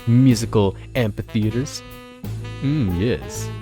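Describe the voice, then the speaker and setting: A man's voice: lowish voice, takes it slowly, mellow, soft background music. A man voicing a smug, grandiose male dinosaur shopkeeper who talks in a pompous, archaic way.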